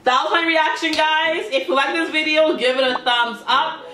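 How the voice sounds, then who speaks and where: Excitable woman reacting in an echoey room. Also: high-pitched, normal speed. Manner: excitable, laughs often, trails off mid-sentence. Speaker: YouTube reaction host. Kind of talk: casual reaction commentary. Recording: echoey room with faint music.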